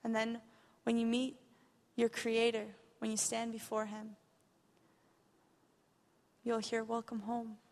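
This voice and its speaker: A woman's voice: on the high side, completely flat delivery, slow, pauses often, darkish tone, long reverb tail. A young woman giving an earnest missionary testimony in church, growing impassioned as she retells a story. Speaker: missionary speaker. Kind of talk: testimony sermon. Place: church hall.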